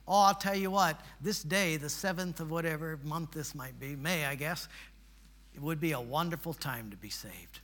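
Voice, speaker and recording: Male preacher, sermon storytelling; high and very bright, folksy, builds to emphatic peaks. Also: normal speed.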